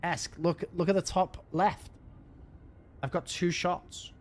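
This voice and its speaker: A man's voice: high voice, fairly even intonation, slow. A man chatting casually on a live game stream, trailing off mid-sentence as he talks to his teammates.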